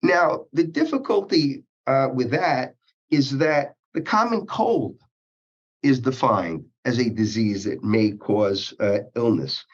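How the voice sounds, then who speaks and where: A man as an interview guest, speaking in measured legal phrasing, halting often with uhs and restarts. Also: mid-range voice. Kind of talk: policy interview. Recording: dull lo-fi sound.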